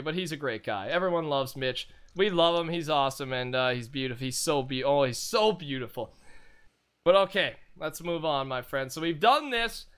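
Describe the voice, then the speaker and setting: Bright, high-voiced excitable young gamer guy. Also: normal speed, smooth. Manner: excitable, rambling, jokey. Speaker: gaming channel host. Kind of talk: casual gameplay commentary.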